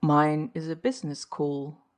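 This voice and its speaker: Woman playing a condescending older German gentleman. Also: low voice, level tone, unhurried.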